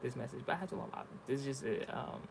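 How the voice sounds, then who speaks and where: Gravelly, foul-mouthed man ranting. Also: mid-range voice, very fast, noisy background. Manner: blunt, cursing, rambling storytelling. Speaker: spiritual reading vlogger. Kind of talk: profane casual rant vlog.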